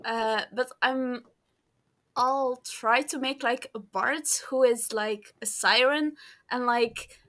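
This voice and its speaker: A woman with a high voice describes her plans on a podcast. She speaks slowly and hesitantly, padding her thoughts with fillers. The tone is casual. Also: steady tone, a bit bright. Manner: hesitant, lots of filler words. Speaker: podcast guest, campaign player. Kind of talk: casual chat.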